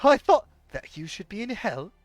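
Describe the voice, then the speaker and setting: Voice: sing-song, normal speed, faint music behind, natural voice. A streamer reading a game story aloud live and voicing a terrified old male bishop who stammers and begs. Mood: horrified. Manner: shrill frantic pleading and stammering.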